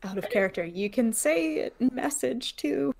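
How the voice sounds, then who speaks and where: A woman's voice: on the high side, expressive, moderate pace, vocal fry, a little mellow, a little hiss or hum. A woman playing in a tabletop game, chatting and laughing easily. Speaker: player. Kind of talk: tabletop role-play chat.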